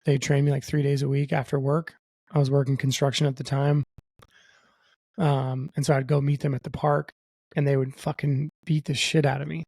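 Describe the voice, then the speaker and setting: A man's voice: medium pitch, flat delivery, normal speed, gravelly, mellow, no echo. A young adult man telling a long, profane story as a podcast guest, acting out what other people said in his own voice. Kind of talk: casual storytelling.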